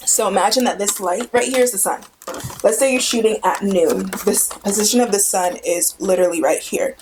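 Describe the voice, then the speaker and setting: A young woman speaking straight to the camera in a friendly, easygoing tutorial voice. She sits at a middle pitch and talks in a chatty, upbeat way, stressing her points by repeating them. It sounds like a casual indoor vlog recorded on the camera's own mic. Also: fairly quick, background noise. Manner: chatty, enthusiastic, emphatic repetition. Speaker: photography tutorial host. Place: indoors with a studio light.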